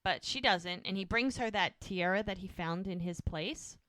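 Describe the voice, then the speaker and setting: A woman's voice: mid-range voice, moderate pace, a bit bright, no room sound, clean studio sound. A woman co-hosting a podcast, casually retelling scenes and briefly mimicking the characters' lines. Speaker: podcast co-host. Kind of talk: casual recap chat.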